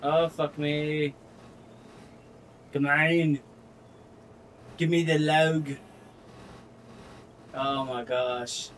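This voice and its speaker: Slight background noise sits under a high-leaning, somewhat bright male voice that barely moves in pitch. A frustrated gaming streamer, he drawls slowly through casual commentary on his own game, swearing a lot as he walks himself through each step.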